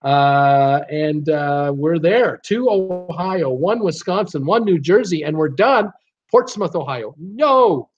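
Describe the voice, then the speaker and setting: A man's voice: a little high, animated, slow. A man hosting a casual live trivia stream, upbeat as he reads out viewer guesses and gives hints. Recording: dull lo-fi stream audio.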